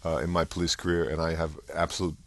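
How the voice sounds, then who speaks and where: Low-voiced New man telling stories. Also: monotone, a bit bright. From New York area. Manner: halting, rambling storyteller with many fillers. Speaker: guest. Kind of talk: casual storytelling interview.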